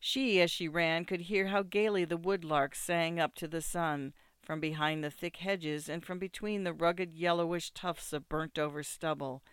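Smooth, dry audiobook narrator. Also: mid-range voice, no room sound. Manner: measured, steady storytelling. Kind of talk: audiobook reading of classic fiction.

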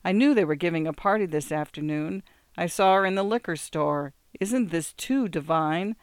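A narrator voicing a curious, excitable young wife who speaks in an eager, gossiping way. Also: medium pitch, normal speed, clean tone, no room sound, studio quality, natural voice. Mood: excited.

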